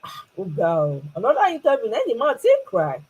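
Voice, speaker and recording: The host's medium-pitched voice swings widely in pitch, with a darkish tone and a breathy edge, at a moderate pace; the recording is muffled. She has a Nigerian accent and delivers casual, emphatic political commentary on her channel, mixing English and Pidgin.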